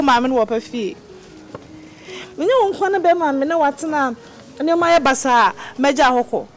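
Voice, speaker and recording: A woman's voice: a little high, a little mellow, natural voice. A woman with a Ghanaian accent playing an aggrieved wife who complains insistently. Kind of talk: film acting. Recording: film score clearly underneath.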